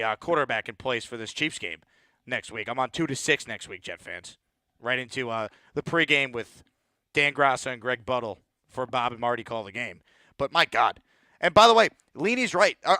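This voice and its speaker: Male call-in sports host, bright forceful voice, dry close mic, blunt and fired up. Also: fairly high pitch, no echo. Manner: blunt, fired-up, repeats words when heated. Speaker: sports talk show host. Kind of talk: postgame call-in show rant.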